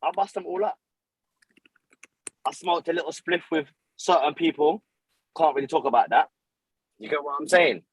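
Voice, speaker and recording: A man's voice: high-pitched, vocal fry, noisy background. Brash man bragging. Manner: brash and boastful, mixes in slang. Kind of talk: boastful casual banter.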